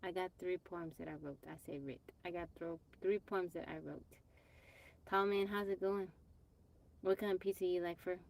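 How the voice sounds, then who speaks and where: A woman's voice: lowish voice, fairly even intonation, normal speed, creaky. A woman from Texas hosting a casual livestream on her phone, chatting with viewers, greeting them by name and brushing off trolls plainly. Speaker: livestream host. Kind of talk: casual live-stream chat. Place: off-grid home.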